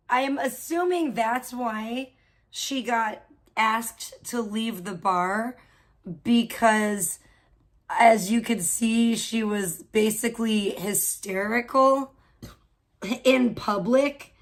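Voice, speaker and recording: A woman's voice: fairly high pitch, slow pace. A woman hosting a live stream, chatting, laughing and greeting viewers as she comments on clips. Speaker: livestream host.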